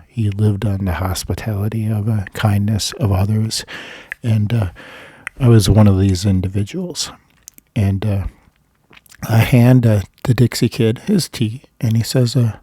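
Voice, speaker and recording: A man telling a casual anecdote in a rambling way, with many filler pauses. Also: on the low side, mellow, breathy edge, dry recording. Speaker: storyteller.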